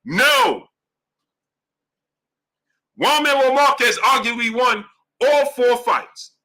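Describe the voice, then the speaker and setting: Heated, bright-voiced man ranting on a live stream. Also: very high-pitched, slow, gravelly. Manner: emphatic, argumentative, rhetorical questions. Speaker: boxing show host reading super chats.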